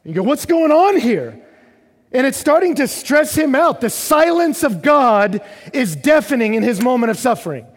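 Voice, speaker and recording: A man with a strikingly high, breathy voice delivers a sermon to his congregation. He drives each point home through repetition and steps into the psalmist's prayers as he speaks. Long reverb trails after every phrase. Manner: emphatic, repetitive preaching, acting out the psalmist's prayers. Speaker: pastor.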